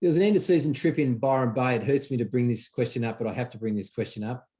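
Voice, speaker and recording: An Australian man hosts a casual interview in a relaxed, encouraging way. His voice sits at a plain middle pitch for a man. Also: quick pace. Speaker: podcast host.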